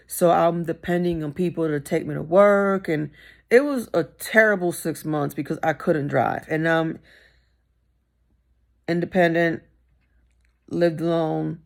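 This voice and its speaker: Woman, middle-aged, low voice, gravelly, candid personal vlog, emphatic repeats. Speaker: vlogger.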